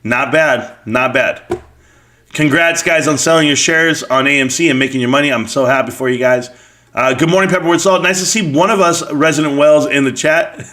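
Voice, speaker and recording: A man's voice: fairly high pitch, a little fast, pushed and bright. A man hosting a live stream, chatting casually and reading viewer comments aloud with joking banter and frequent laughs.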